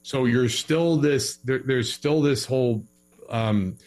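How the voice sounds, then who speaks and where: A man talking through relationship advice in a relaxed, conversational way. He gets animated and acts out both partners in a quarrel, and his voice sits in a middling pitch. A faint mains hum sits under the recording. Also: slow. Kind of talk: casual podcast conversation.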